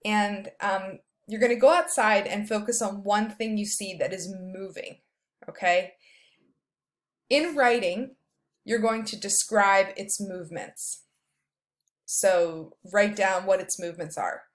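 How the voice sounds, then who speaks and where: A woman professor giving a recorded lecture over slides, explaining in a casual way with frequent fillers. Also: medium pitch. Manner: reads verse slowly, stressing each beat.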